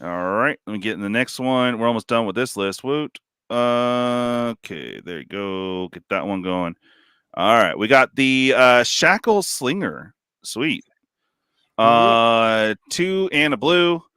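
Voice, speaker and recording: Middle-aged guy hosting a chill podcast, bright clear voice, dry sound, lots of uhs. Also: medium pitch, slow, no echo. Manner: relaxed, laughing, lots of fillers. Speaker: host. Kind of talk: casual podcast chat.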